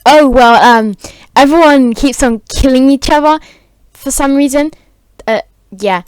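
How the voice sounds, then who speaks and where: Slow rambling woman making up a story. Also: sits high, clear, resonant tone, dry recording. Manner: rambling, filler-heavy, giggly.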